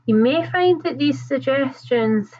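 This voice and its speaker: A woman's voice: high-pitched, expressive, measured pace. Chatty Scottish woman on a lo-fi stream. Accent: Scottish, toned down. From Scotland. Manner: chatty, warm to viewers, laughs often. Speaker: book channel host. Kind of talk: casual livestream chat reading comments.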